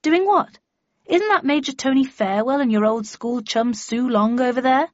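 A woman's voice: a little high, moderate pace, dry recording, voice pushed up, lightly acted. A woman reading an audiobook, voicing a playful young man who teases with puns. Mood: teasing. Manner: teasing, playful. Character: easygoing joking young man, fond of puns. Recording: dull lo-fi dry recording.

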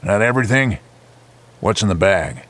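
A man voicing a gruff male guard who gives curt orders. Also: lowish voice, lively intonation, moderate pace, a bit bright. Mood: commanding.

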